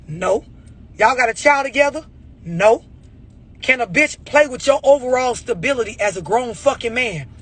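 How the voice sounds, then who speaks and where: A man's voice: very high voice, expressive, moderate pace, a bit bright, slightly rough. A man giving a blunt, profane motivational rant about overreacting, full of rhetorical questions. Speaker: motivational speaker.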